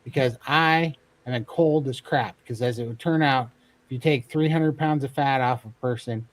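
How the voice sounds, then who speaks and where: A man's voice: medium pitch, moderate pace. A man chatting casually on a livestream panel, telling stories with a joking manner and lots of fillers. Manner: joking storyteller, many fillers. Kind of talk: casual chat.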